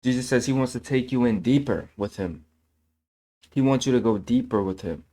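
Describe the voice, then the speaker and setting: This channel host has a mellow, medium-pitched man's voice at normal speed. His casual talk on faith is earnest, repetitive, and preachy, and he keeps correcting his own slips and using fillers like "man."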